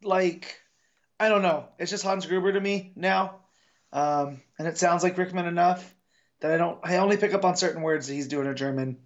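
American man, podcast co-host, higher voice, muffled home mic. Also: normal speed. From United States. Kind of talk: casual film discussion. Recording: dull lo-fi mic.

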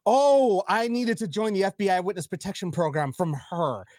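A man's voice: sits high, normal speed, a little mellow, no room sound, studio quality. A man co-hosting a podcast, commenting in an emphatic, casual way. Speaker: podcast co-host. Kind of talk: casual chat.

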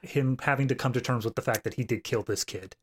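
A man's voice: mid-range voice, fast, slightly rough. A man co-hosting a film podcast, talking casually with dry humour. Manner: wry, dry jokes. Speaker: podcast co-host. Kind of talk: casual film review chat.

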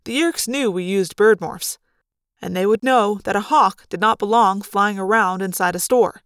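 A woman reading a novel aloud in an expressive first-person narration. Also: mid-range voice, moderate pace, smooth, no room sound, studio quality. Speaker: audiobook reader. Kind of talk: fan read-aloud narration.

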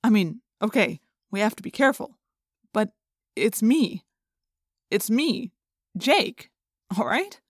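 A woman's voice: mid-range voice, big pitch swings, takes it slowly, pauses often, no echo, clean studio sound. A woman voicing an alien parasite posing as a teenage boy, insistent and falsely innocent. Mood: protesting.

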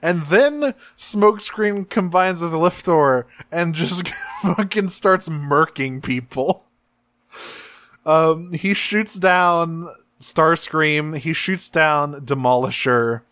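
A man's voice: on the high side, slow pace, a bit bright, no room sound. A man co-hosting a podcast, recapping an episode in a loose, profane, chatty way full of fillers. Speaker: podcast co-host.

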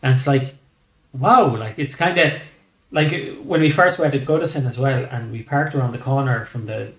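An Irish man in a casual interview chat, swearing freely and telling animated stories. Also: medium pitch, moderate pace, roomy sound, poor audio. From Ireland. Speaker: guest comedian.

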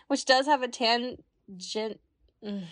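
A woman's voice: on the high side, drawn-out words, fairly bright tone, dry recording, studio quality. A woman from Kansas co-hosting a podcast, casually reading word origins, swearing freely, giggling and stumbling over words. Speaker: podcast co-host. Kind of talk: casual chat, reading etymology notes.

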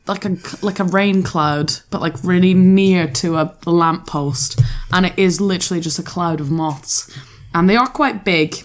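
A woman co-hosting a casual podcast, reading out an article and quotes with dry asides between them. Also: fairly low pitch. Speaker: podcast co-host presenting a news story. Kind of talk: casual chat.

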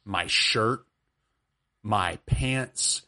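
A man in his twenties, co-hosting a podcast over a video call, telling an animated story and laughing often. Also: on the low side, extremely slow. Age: 20s. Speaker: podcast co-host. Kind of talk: casual storytelling chat.

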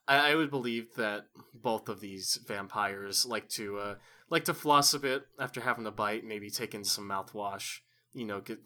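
A man with a bright, forward voice co-hosts a comedy podcast. He reads listener questions and riffs in loose, swear-heavy banter. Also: on the low side. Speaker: podcast co-host. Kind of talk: casual comedic chat.

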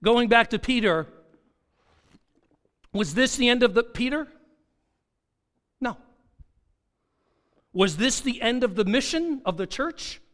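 Man, preacher, sermon, rhetorical questions, animated pitch, long hall reverb. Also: slow, pauses often. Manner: dramatic, acts out quoted dialogue, rhetorical questions. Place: church sanctuary.

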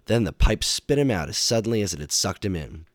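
Deep-voiced man reading a storybook. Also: fairly quick, no room sound, studio quality. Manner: steady, expressive storytelling. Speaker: narrator.

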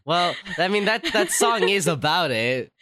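A man co-hosting a podcast while sick, joking in a dry, deadpan way. His pitch swings widely as he explains and banters, recorded close and dry. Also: measured pace, dry recording. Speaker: podcast co-host. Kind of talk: casual chat.

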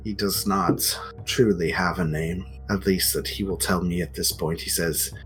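A man voicing a gravelly female war priestess of a dark god, speaking in a solemn, measured way. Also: sits low, steady tone, soft background music, poor audio.

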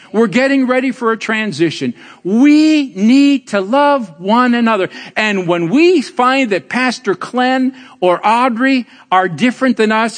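Older pastor guy preaching, kinda high voice, joking with the church, big echoey hall. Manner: storytelling, teasing the congregation; emphatic preaching with rising exclamations. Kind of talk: sermon. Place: church sanctuary. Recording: long hall reverb.

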